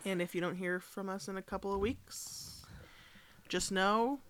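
A woman co-hosting a casual podcast, supportive and quick to joke. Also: mid-range voice, fairly even intonation, a bit bright, a little hiss or hum. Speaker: podcast co-host. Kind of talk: casual chat.

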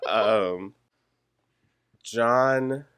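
A man's voice: mid-range voice, very slow, a bit bright, clean tone. A man co-hosting a casual podcast, running a party word game in a playful, slightly hesitant way. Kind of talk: casual chat.

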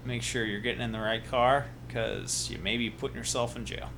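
A man's voice: medium pitch, steady tone, brisk, a bit bright, a little hiss or hum. A man from Iowa co-hosting a casual sports podcast, laid-back and dryly teasing his co-host. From Iowa, USA.

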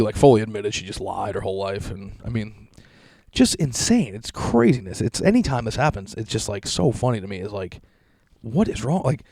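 A man's voice: on the low side, creaky, darkish tone, dry recording, clean studio sound. A young man from Massachusetts, ranting on a podcast in a crude, sarcastic, swear-heavy monologue.

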